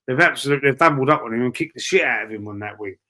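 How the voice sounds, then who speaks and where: A Cockney man from the East End chats his way through a live stream, reading messages from viewers. He talks loosely and swears often, calling everyone bro and mate. His voice sits at an ordinary, middle pitch. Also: racing, sharp tone. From East London, England. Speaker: livestream host reading chat. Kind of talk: casual live-stream chat.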